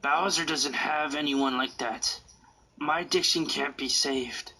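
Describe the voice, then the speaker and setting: Woman doing a low husky cussing bad guy king, slow and sulky. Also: pushed and bright, exaggerated voice, rough recording. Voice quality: husky, swearing. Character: grumpy male villain king turtle. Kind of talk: fan parody voice acting.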